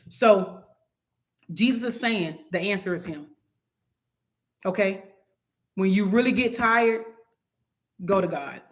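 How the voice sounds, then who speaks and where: A woman's voice: mid-range voice, fairly bright tone. Woman teaching a casual Bible study. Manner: conversational, preachy, acts out little quoted scenes.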